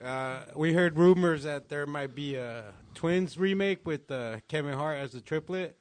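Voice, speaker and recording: A man's voice: a little high, unhurried. A man co-hosting a casual comedy podcast, joking and swearing with lots of slang. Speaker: podcast co-host. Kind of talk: casual stoner podcast chat.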